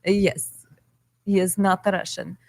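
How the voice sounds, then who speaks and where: A woman's voice: medium pitch, level tone, slow, vocal fry, a crowd in the background. Playful chatty female radio co-host. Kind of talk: casual interview chat. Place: radio studio.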